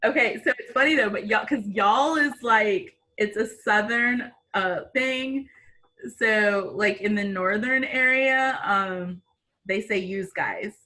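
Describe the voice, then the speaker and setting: American woman, bright and crisp tone, musing and hesitant, video call. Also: mid-range voice, slow pace. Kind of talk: casual chat on a video call.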